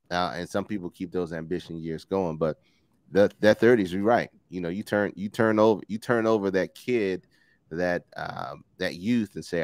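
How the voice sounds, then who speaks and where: A man's voice: low voice, moderate pace, dry recording, studio quality. A man in his forties in casual chat, joking and swearing, laughing often. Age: 40s.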